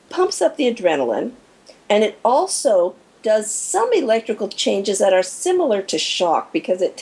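A woman guest in an interview, explaining in a lively way and acting out small quoted moments as she goes. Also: medium pitch, husky, low-quality recording. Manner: animated, acts out little scenes with quoted inner voices. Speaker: guest expert on shock and recovery.

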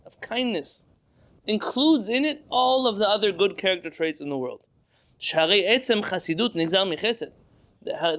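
High-voiced male teacher giving a Torah lecture, reading Hebrew and explaining it in English. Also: a bit bright. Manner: reads Hebrew text then explains in English, asks rhetorical questions.

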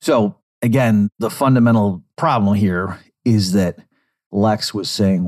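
A man's voice: on the low side, fairly even intonation, slow, a little mellow. A man giving digressive, explanatory commentary on interview clips. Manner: digressive, explanatory, acts out quotes.

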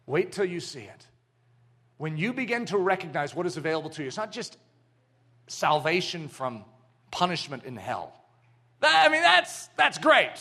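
A man preaching a sermon, telling stories and acting out little scenes, swinging between loud emphatic bursts and hushed lines. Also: a little high, big pitch swings, measured pace, long pauses.

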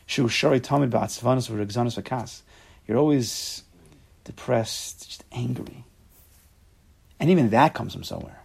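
A man leading an informal Torah class, animated and acting out quotes with sudden loud jumps in his voice. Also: medium pitch, measured pace, vocal fry, pauses often, slightly rough.

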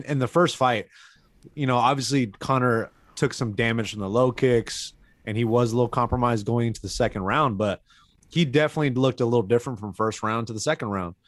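A man's voice: mid-range voice, dry recording. A man co-hosting a casual podcast, laid-back and chatty, saying bro and um a lot. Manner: laid-back, says bro, filler words. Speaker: podcast co-host.

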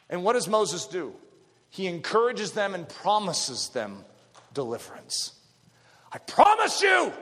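A middle-aged male preacher with a high, bright voice that leaps and dives across a wide range. He moves from hushed near-whispers to full shouts. The sound carries a long hall reverb. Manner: dramatic, swings between hushed and shouting. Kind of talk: sermon.

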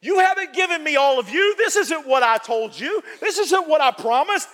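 A preacher putting on a pleading, gently insistent Jesus, raised even higher than his own very high voice, bright and forceful. The words ring out with long church reverb. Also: moderate pace. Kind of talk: sermon.

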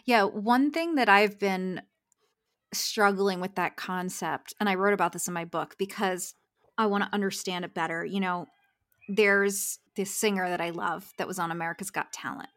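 A woman's voice: mid-range voice, fairly even intonation, moderate pace, fairly bright tone. A woman, a success coach, talking earnestly in a podcast interview and laughing often.

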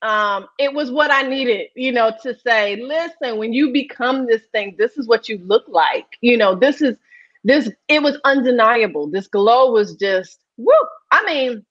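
Woman guest, high bright voice, very lively pitch, dull lo-fi sound. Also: a little slow. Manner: animated and laughing, voice jumps high. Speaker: podcast guest. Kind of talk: candid storytelling.

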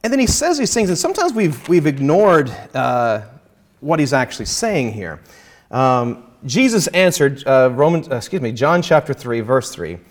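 A man in conversation, earnestly explaining his Christian faith and quoting scripture, slowing down to stress key phrases. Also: mid-range voice, very animated. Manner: quotes scripture, halting restarts. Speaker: Christian guest speaker.

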